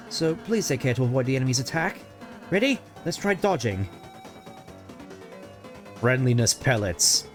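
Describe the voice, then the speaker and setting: A man voicing a gentle, shy young goat prince in a video game, speaking softly and politely with hesitant little ums. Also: on the high side. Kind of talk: video game voice-over reading.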